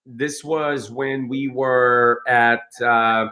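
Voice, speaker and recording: Bright, animated male storyteller. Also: medium pitch, drawn-out words. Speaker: guest, company co-founder. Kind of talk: casual interview chat.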